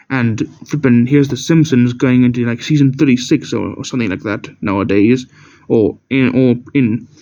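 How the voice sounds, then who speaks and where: A man's voice: mid-range voice, a little mellow. A young man casually showing off his DVD collection, rambling and correcting himself as he stumbles over words. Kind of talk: casual show-and-tell narration. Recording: dull lo-fi camera audio.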